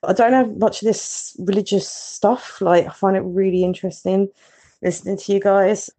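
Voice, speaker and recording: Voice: mid-range voice, fairly even intonation, normal speed, mellow. A listener leaving a recorded message for a podcast, nervous, sweary and rambling. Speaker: listener calling in.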